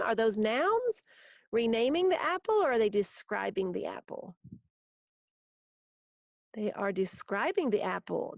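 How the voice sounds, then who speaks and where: A woman teaching a recorded grammar lesson, explaining patiently and reading example sentences slowly for students to write down. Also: medium pitch, vocal fry, no echo, clean studio sound.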